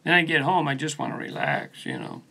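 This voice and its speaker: Streaming live from his studio, this man hosts his own channel, loosely rambling as he reads comments and replies to viewers by name, captured on a phone set on a post. His mid-range voice is creaky, husky, pushed and bright, swooping wildly in pitch at a fairly quick pace.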